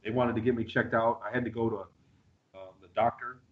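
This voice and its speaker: A man's voice: mid-range voice, little pitch movement, brisk, phone-quality sound. A man telling his story as a radio interview guest, rambling with lots of fillers and restarts.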